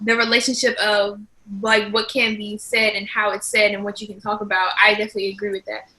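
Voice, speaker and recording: A woman, a daughter, talking in a lively way in a casual panel chat and acting out quotes. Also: mid-range voice, fairly quick, low-quality recording.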